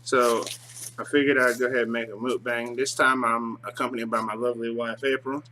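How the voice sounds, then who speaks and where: A man's voice: mid-range voice, little pitch movement, a little fast, bright, forceful tone. A man hosting a casual mukbang vlog, chatting in an easygoing way about his food while eating. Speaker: vlog host. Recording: noisy home recording.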